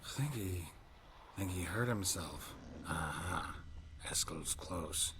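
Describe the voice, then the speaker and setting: Gruff, terse monster hunter. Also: male voice, low voice, lively intonation, takes it slowly, background noise. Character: gruff middle-aged male monster hunter, dry and stoic.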